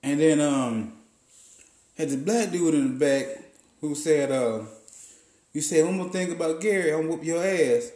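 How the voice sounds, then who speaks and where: A man's voice: fairly high pitch, a little slow, pauses often, darkish tone, lightly acted. A man putting on the voice of his barber, a chatty male barber retelling old gossip in a raised voice. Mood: gossipy. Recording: roomy echo.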